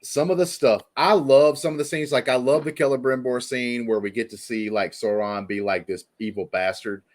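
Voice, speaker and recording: A man's voice: medium pitch, fairly even intonation, normal speed, hardly any pauses. A man hosting a casual TV review discussion, talking in a rambling way with lots of filler words. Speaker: podcast host.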